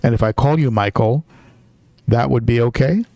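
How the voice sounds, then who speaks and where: A man's voice: mid-range voice, moderate pace, dark tone, no echo. An older man hosting a casual live stream, chatty, with lots of fillers and restarts while greeting viewers.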